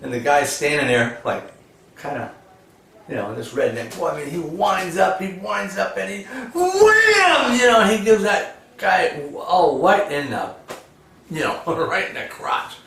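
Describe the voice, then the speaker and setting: An American joke teller with a slightly high, fairly bright voice and vocal fry rambles unhurriedly through old jokes, filling them with "you know" and chuckling at his punchlines. The echoey room puts him a bit distant from the mic, with some hiss or hum.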